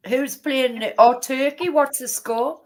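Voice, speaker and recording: A woman's voice: sits high, unhurried. A woman with a Geordie accent hosting a casual livestream chat, chatty, affectionate and teasing. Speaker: livestream host.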